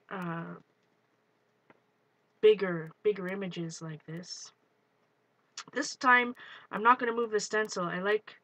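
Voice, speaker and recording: Woman livestream crafter, mid-range voice, chatty, easily excited. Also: mid-range voice. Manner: excitable, talks while working, greets viewers. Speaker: art livestream host. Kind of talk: live crafting demo, chatty.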